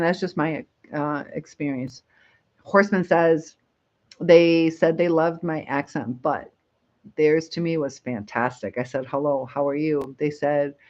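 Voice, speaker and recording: A woman's voice: sits low, highs cut off. A woman hosting a casual live stream, chatting and reading viewer comments aloud with frequent laughs.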